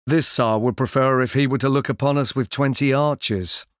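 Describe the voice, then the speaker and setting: A man's voice: medium pitch, steady tone, moderate pace, dry recording, close to an everyday voice. A man voicing a dry, level-toned knight armsman. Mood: wary. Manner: neutral, dry, understated. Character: cautious, level-headed male knight armsman. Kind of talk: audiobook character voice.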